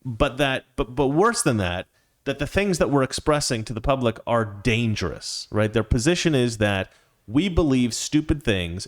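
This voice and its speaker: A man hosting his own show, delivering a rambling opinion monologue full of restarts and digressions. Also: medium pitch. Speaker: show host.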